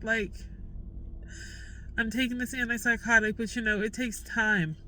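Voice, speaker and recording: A woman's voice: mid-range voice, fairly even intonation, normal speed, bright, forceful tone, rough recording. Young woman venting raw frustration. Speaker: vlogger. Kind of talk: candid personal vlog.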